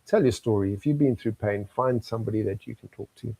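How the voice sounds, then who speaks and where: Older South African man, gravelly and dry, earnest guest who chuckles through his stories. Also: lowish voice, fast, warm tone, no echo, rough recording. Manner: earnest, storytelling, chuckles often. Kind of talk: candid interview talk.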